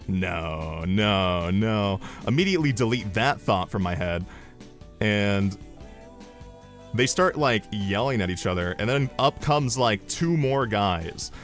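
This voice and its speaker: A male streamer telling a comedic story in a rambling, animated way with deadpan asides. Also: on the low side.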